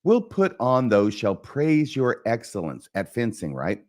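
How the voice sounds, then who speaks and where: A man's voice: medium pitch, huge pitch swings, unhurried, darkish tone. A man reading a scheming king's verse lines aloud in a plain reading voice. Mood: persuasive. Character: scheming middle-aged male king, persuasive.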